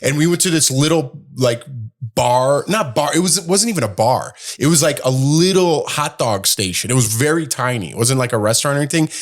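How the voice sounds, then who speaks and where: A middle-aged man co-hosting a podcast, telling stories in an animated, grumbling, exaggerated way. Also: medium pitch, brisk. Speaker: podcast co-host. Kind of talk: casual chat.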